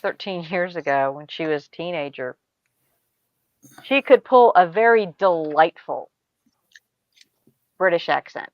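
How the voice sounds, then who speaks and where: A middle-aged American woman telling stories in a relaxed group chat, laughing often and trailing off into asides. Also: on the low side, no room sound, lo-fi sound. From United States. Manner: chatty storyteller, quick laughs, trailing asides. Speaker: show host. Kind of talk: casual chat.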